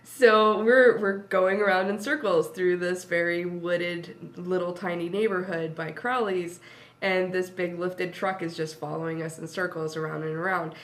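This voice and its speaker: Animated woman telling a story. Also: fairly low pitch, measured pace. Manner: lively storyteller, acts out quotes, laughs often. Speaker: interview guest. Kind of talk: casual anecdote telling.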